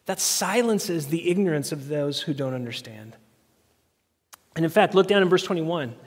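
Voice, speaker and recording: High-voiced preacher in a reverberant hall. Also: male voice, expressive, normal speed, breathy edge. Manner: earnest, asks the congregation questions. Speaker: pastor. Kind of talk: sermon.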